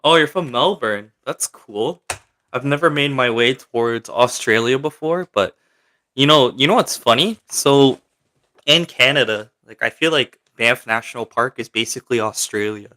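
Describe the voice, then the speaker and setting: A young man answers viewer comments on his casual livestream, reading the chat questions aloud and rambling with frequent fillers. He has a medium-pitched, bright, forceful voice and keeps a moderate pace.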